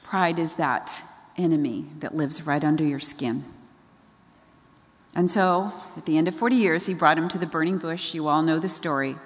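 Woman preaching, chatty, keeps asking the room questions, lowish voice, long echo like a big hall. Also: normal speed. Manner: conversational, asks the audience questions. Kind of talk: sermon. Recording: long reverb of a large hall.

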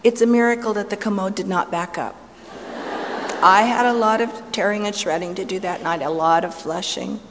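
A woman's voice: medium pitch, normal speed, noisy background. Woman testifying in a reverberant hall. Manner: storytelling, swings from playful to hushed and intense. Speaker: speaker giving a testimony. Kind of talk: sermon-style personal testimony. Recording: long hall reverb, faint ambience.

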